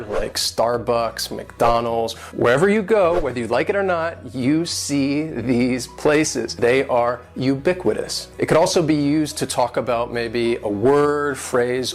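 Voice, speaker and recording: A man teaching English vocabulary, with a medium-pitched voice. He says each new word slowly and carefully and keeps a friendly, lightly joking tone. Faint guitar music plays underneath. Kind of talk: online English lesson.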